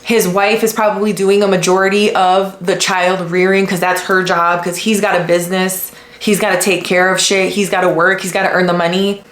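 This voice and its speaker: A woman from the United States hosting a podcast, talking in a blunt, casual way with lots of swearing and animated retellings. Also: fairly low pitch, normal speed, few pauses. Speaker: podcast host. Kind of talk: casual commentary. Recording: echoey room.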